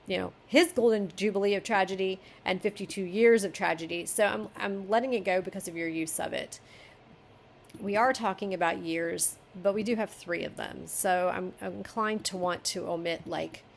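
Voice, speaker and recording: A woman critiquing a fellow writer's chapter, reading passages aloud and thinking out loud as she second-guesses herself. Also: lowish voice, vocal fry, a little hiss or hum. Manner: musing, self-questioning, flip-flops between options. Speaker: beta reader giving writing critique.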